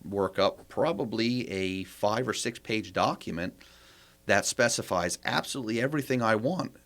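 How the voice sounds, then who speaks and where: Deep-voiced man explaining step by step. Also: normal speed, fairly bright tone. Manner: explains step by step with rhetorical questions. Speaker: property manager guest. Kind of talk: casual podcast interview.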